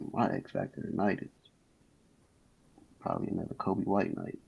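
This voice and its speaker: A man from Denver calling in to a sports stream, mumbling softly. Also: low voice, normal speed, gravelly, husky, low-quality recording. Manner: mumbling, soft-spoken. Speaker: caller.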